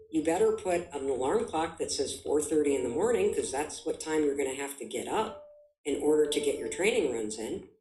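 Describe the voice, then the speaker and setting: A woman's voice: sits low, mellow, reverberant, rough recording. A woman giving an emphatic motivational talk as a guest, full of vivid examples. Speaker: guest speaker.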